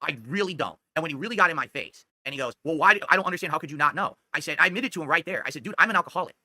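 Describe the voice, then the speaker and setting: A man's voice: on the high side, very fast, pushed and bright, no room sound. A middle-aged man rambling defensively through a story in casual chat, often checking in with "okay?". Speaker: streamer telling a story.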